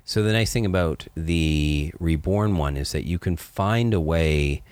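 A man's voice: rumbling low, measured pace, a little mellow, smooth, dry recording. A man co-hosting a podcast in casual chat, rambling and restarting his sentences in a playful way. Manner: rambling, self-correcting, playful. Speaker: podcast co-host.

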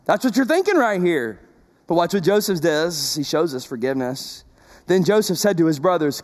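Animated woman preaching a sermon. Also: lowish voice, moderate pace. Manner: animated, asks the congregation many rhetorical questions; swings between loud emphasis and soft, tender delivery. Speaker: pastor.

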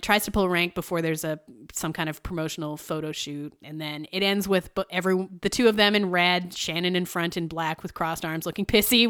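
A woman's voice: lowish voice, fairly bright tone, clean tone. Chatty, sardonic woman podcast host. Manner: chatty, sardonic, laughs often. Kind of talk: casual chat.

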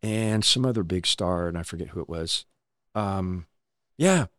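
A man who is a stunt driver, guesting on an interview show and telling anecdotes in a casual, animated way, acting out the voices of people he quotes. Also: low voice, measured pace, no room sound, studio quality.

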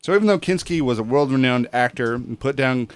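A man's voice: mid-range voice, expressive, a little fast, clear, resonant tone. A man hosting a casual podcast chat, rambling and hesitant with lots of ums. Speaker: podcast host.

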